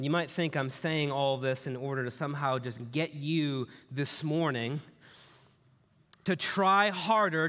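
A man with a high, bright, forceful voice preaches a sermon, weaving in personal stories and rhetorical questions to his listeners. His voice rings out with a long reverb, as in a large hall. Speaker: pastor.

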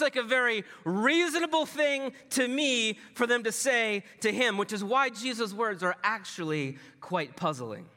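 A man preaching a sermon in a loose, conversational way, often dropping his voice low and soft for emphasis. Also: lively intonation, unhurried, few pauses, long reverb tail. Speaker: pastor.

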